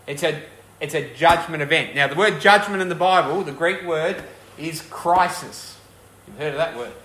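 In an echoey church hall, a male pastor delivers his sermon at a normal speed in a bright, forceful voice a bit higher than most men's. His style is earnest and conversational, and he frequently puts questions to the congregation.

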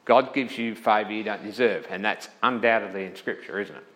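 A man's voice: lowish voice, brisk, fairly bright tone, low-quality recording. A male pastor giving a conversational sermon, often checking in with listeners and correcting himself as he thinks aloud.

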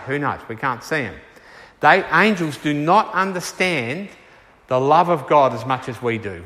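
A man's voice: fairly high pitch, pushed and bright. Earnest man preaching in an echoey hall. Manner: earnest, unhurried, slows to stress key words. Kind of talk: sermon with questions from the congregation. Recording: reverberant hall.

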